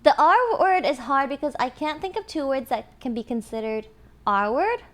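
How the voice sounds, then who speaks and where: A young adult woman streamer in casual chat with her viewers, animated and giggly. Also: sits high, normal speed. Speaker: live streamer.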